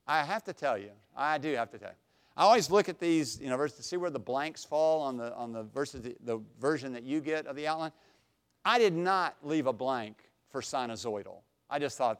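A middle-aged man preaching an expository sermon, folksy and self-deprecating, swinging from quiet asides to loud, emphatic bursts. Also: mid-range voice, animated, brisk. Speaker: pastor.

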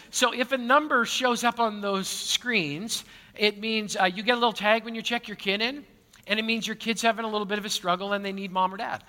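A man's voice: sits high, fairly even intonation, brisk, bright, forceful tone. A man, a pastor, answering congregation questions in a church auditorium in a conversational way, often repeating words and joking at his own expense. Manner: conversational, repeats words, self-deprecating humor. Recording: long hall reverb.

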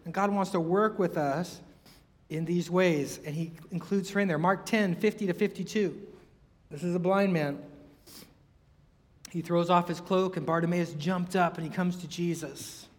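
A man's voice: sits high, fairly even intonation, moderate pace, long reverb tail. A man preaching a sermon in a conversational way, full of rhetorical questions and acted-out quotes.

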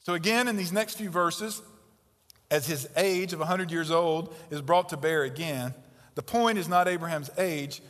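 A man's voice: on the high side, normal speed, a bit bright, in a large hall. A man in his fifties, a pastor preaching an expository sermon, emphatic and repeating key phrases for stress.

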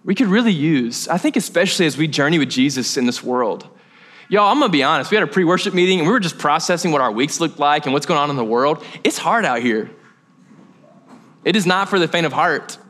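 A young male pastor preaching in a loose, conversational way, full of jokes and asides. His voice sits high, bright and forward. He sounds animated and relaxed. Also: fairly quick. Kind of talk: sermon.

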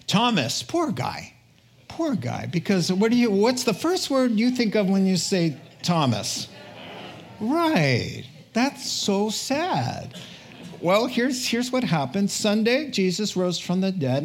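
A male preacher telling scripture stories in a loose, conversational way, tossing in asides and acting out the characters. His voice sits a little high for a man and keeps an animated bounce. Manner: animated, casual retelling with asides and acted quotes. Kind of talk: sermon storytelling.

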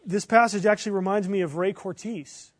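A man preaching a sermon as pastor, earnest, building to emphatic bursts and then dropping low. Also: fairly even intonation, fairly quick, dry recording.

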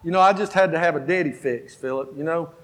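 A pastor in his fifties preaching a sermon, telling stories and exhorting his congregation with animated energy. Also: fairly high pitch, fast. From Georgia, US. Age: 50s. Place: church sanctuary. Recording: long reverb of a church hall.

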